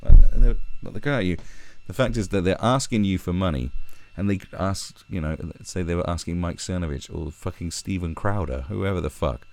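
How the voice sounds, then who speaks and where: A man's voice: sits low, brisk, creaky, hardly any pauses. A man delivering a sweary, sarcastic ranting commentary, with mocking put-on voices. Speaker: commentary vlogger.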